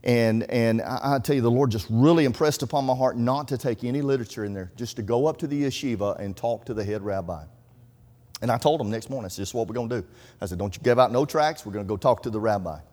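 A man preaching a sermon, telling a story in a conversational way and dropping to a hushed voice at tense moments. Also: medium pitch, fast talker. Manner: conversational, animated storytelling, drops to hushed tones for suspense. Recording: long hall reverb.

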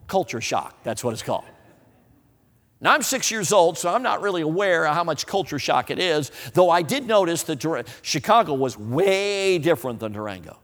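Emphatic preacher in a reverberant hall. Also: male voice, fairly high pitch, a bit bright. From United States. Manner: emphatic, repeats points, addresses the crowd as friends. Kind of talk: sermon.

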